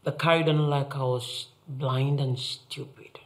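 An actress with a Nigerian accent plays a middle-aged mother calmly confessing a scheme, unrepentant, in a TV drama. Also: very deep voice. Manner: measured, unrepentant. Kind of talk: TV drama acting.

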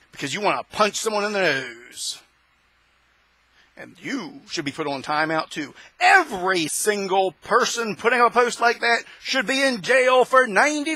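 Guy ranting hard on his own show, high voice, kinda husky, dry sound. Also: no room sound, low-quality recording. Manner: fiery, preaching, rising to shouts. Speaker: host. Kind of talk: impassioned opinion monologue.

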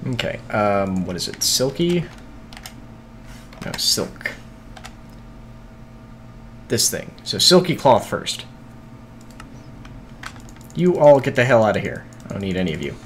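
A man's voice: fairly low pitch, big pitch swings, slow, long pauses, a bit bright, a little hiss or hum. Man muttering through a casual game stream. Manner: mutters to himself, swears casually, scattered. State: hiccuping. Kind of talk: casual live-stream gameplay chatter.

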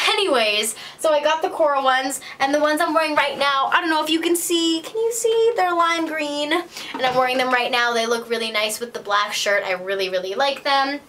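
A woman's voice: high-pitched, normal speed, pushed and bright, a little hiss or hum. A young woman telling a rambling, playful story in a casual favorites vlog, full of "like" and dramatic emphasis. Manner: chatty, rambling storyteller with lots of "like". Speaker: beauty vlogger.

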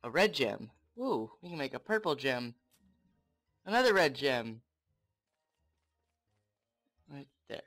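A young man commenting on his own game play, excitable and swearing often, talking to the game. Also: medium pitch, normal speed, faint music behind. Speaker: gamer.

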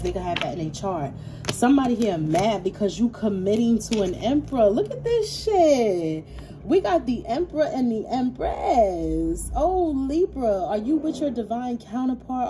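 A woman doing a casual tarot reading to camera, animated and profane, with speech and frequent laughing asides. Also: medium pitch, background noise. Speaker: tarot reader.

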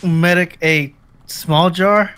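A woman's voice: on the low side, fairly even intonation, slow, fairly bright tone. A woman chatting with friends over a call while they play a game, teasing them with dry banter. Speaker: friend playing along on a call. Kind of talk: casual gaming chat with friends.

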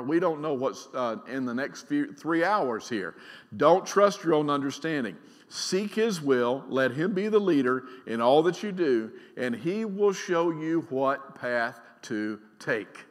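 A middle-aged pastor with a medium-pitched voice preaches a sermon emphatically, shifting between loud and quiet and repeatedly putting questions to the congregation. A large church hall gives the recording a long reverb.

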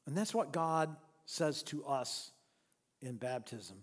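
A man's voice: medium pitch, animated, takes it slowly, husky. Preaching man in a reverberant church. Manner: storytelling, with rhetorical questions and frequent restarts. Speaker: pastor. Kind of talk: sermon. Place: church sanctuary.

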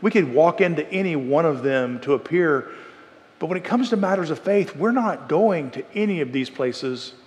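A man's voice: a little high, lively intonation, normal speed. A man preaching an earnest evening sermon in a church, often restarting phrases and voicing quotes with emphasis. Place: church sanctuary. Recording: long hall reverb.

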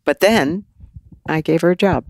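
A woman in her sixties, a teacher and author talking as a podcast guest in an animated, casual way. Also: low-pitched, moderate pace, dry recording, clean studio sound. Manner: animated, acts out quoted voices and laughs often.

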